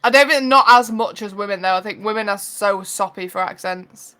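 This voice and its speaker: A woman's voice: mid-range voice, brisk, pushed and bright. A woman with a Yorkshire accent, chatting casually as a podcast guest, blunt and outspoken. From Yorkshire, England. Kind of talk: casual chat.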